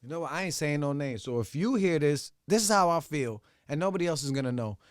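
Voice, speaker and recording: A man's voice: a little high, lively intonation, quick pace, no echo, studio quality. Blunt, profane man ranting solo. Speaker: podcast host. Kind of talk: solo podcast monologue.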